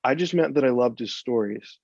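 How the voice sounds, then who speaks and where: A man's voice: mid-range voice, brisk, creaky, darkish tone, dry recording. A man voicing a nervous, rambling American horror writer with an American accent, read aloud from a story. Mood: flustered. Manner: jittery, rambling, says "man" a lot. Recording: dull, dry, lo-fi sound.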